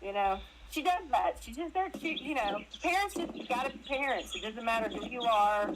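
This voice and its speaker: A woman guest telling casual stories in an animated way, laughing often and acting out other people's voices. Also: a little high, moderate pace, noisy background. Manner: animated, laughs often, acts out her mother's voice. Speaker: interview guest. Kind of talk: casual storytelling chat.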